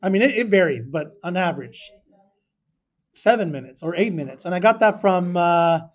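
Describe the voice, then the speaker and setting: A male math teacher with a high-pitched voice and lively intonation keeps a moderate pace in a chatty, video-recorded classroom lesson. He often asks his students questions and wanders off on tangents.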